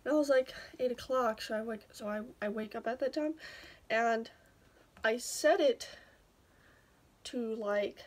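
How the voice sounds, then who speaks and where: Slow-talking, giggly young-sounding vlogger woman. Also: fairly high pitch. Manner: rambling, giggly storytelling. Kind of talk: casual chat to camera.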